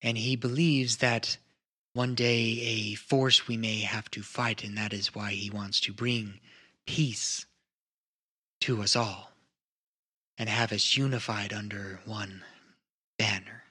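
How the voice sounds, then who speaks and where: A man playing a careful male advisor who answers questions slowly and earnestly. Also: lowish voice, level tone, sharp tone, slightly rough, full character voice. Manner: slow, earnest, deliberate.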